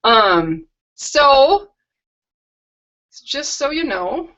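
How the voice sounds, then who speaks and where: A chatty middle-aged woman hosts a live craft stream from home, drifting into rambling asides. Her voice sits a little high and sounds crisp and bright, though the webcam call audio comes through dull and lo-fi. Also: sing-song, extremely slow. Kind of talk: casual live-stream chat and product tour. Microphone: video call webcam.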